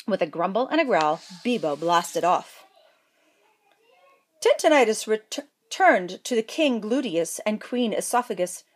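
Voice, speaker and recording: A woman's voice: medium pitch, sing-song, normal speed. A woman reading a comic fairy tale aloud, playful with jokey asides. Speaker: storyteller. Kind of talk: playful storybook read-aloud.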